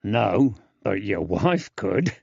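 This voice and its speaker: A man's voice: fairly low pitch, sing-song, slow, gravelly, a little mellow, breathy edge, no echo, muffled recording, heavily acted. A male narrator voicing a wry, fatherly male companion in an audiobook.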